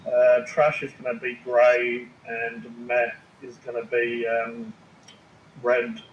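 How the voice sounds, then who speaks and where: Man, casual live chat, flat level delivery, swears easily, roomy room with faint hum. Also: medium pitch, slow pace, muffled recording. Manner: rambling, restarts often, swears casually. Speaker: food review video maker. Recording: roomy space with faint ambient noise.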